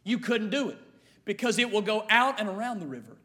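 Male revival preacher, very high and bright voice, rhythmic and repetitive, shouts then hushes. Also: sing-song, fairly quick. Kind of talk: fiery revival sermon.

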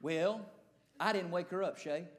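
Animated preacher telling a story. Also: male voice, high voice, measured pace. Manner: animated Southern drawl, acting out quoted voices. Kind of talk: comic storytelling.

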